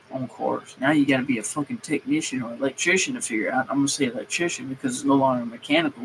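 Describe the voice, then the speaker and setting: A man's voice: medium pitch, fairly bright tone, a little hiss or hum, low-quality recording. A man streaming a comedic rant, griping heatedly and swearing freely as he goes. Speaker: streamer and mechanic. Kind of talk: comedic ranting monologue.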